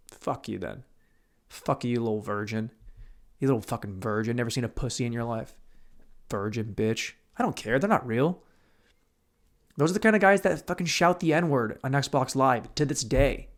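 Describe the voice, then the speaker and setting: A young man hosting a solo podcast, telling rambling, profane stories and breaking into sudden loud outbursts. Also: medium pitch, expressive, normal speed. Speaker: podcast host.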